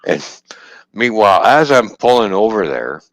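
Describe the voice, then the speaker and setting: Male trucker, low voice with a wide swing, salty casual storyteller, dry lo-fi mic. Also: moderate pace, no echo. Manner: profane, laughing, animated retelling with quoted dialogue. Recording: dull lo-fi dry stream audio.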